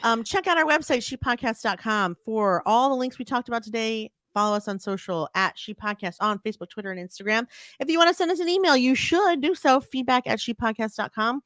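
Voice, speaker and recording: A woman co-hosting a podcast, playful and animated in casual chat. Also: a little high, fairly quick, no room sound. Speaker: podcast co-host.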